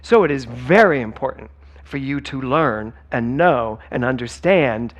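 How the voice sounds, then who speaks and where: A man's voice: mid-range voice, lively intonation, measured pace. Emphatic man preaching a sermon. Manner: emphatic, conversational, addresses the congregation directly. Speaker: spiritual director. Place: church sanctuary.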